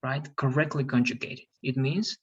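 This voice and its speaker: A man's voice: mid-range voice, steady tone, moderate pace, breathy edge, lo-fi sound. A man teaching an English class online, explaining rules and often checking with "all right?".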